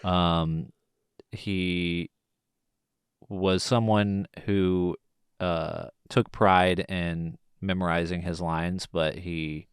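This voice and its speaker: A man co-hosting a podcast who talks about a film in a slow, measured way, with many pauses. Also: low-pitched, little pitch movement, smooth, dry recording, clean studio sound. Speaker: podcast co-host. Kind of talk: casual film discussion.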